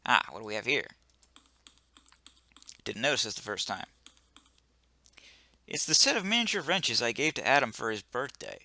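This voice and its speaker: A man's voice: medium pitch, big pitch swings, moderate pace, gravelly, long pauses, bright, forceful tone. A man giving casual gameplay commentary with wry, joking asides. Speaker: let's player.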